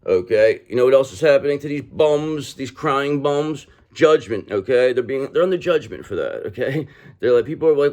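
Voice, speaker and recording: A man in a casual tarot reading, talking in a mid-range voice with blunt, emphatic delivery. He swears freely and keeps checking in with "okay?" after nearly every point. His manner is rough and conversational, like a straight-talking reader speaking to his viewers. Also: medium pitch, expressive, normal speed, a little mellow.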